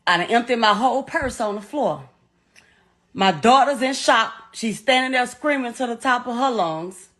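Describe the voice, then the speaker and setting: A grieving middle-aged woman tells her story raw and unfiltered. Her voice sits a little high, she swears freely and circles back over the same words. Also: lively intonation, normal speed, a bit bright. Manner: blunt, profane, emotional retelling with repetitions. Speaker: bereaved mother telling her story. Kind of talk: raw first-person storytelling.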